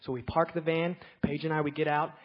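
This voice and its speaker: A woman preaching a sermon, telling a story with animated swings from quiet to shouting. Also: low voice, fairly quick. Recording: slightly dull lo-fi recording.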